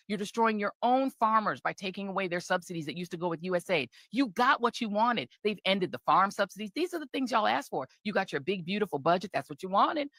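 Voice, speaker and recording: A woman's voice: medium pitch, fairly bright tone, no echo, studio quality. Fiery woman in a talk-show rant. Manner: fiery, rhetorical, repeats phrases, slips into mocking voices. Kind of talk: impassioned on-air monologue.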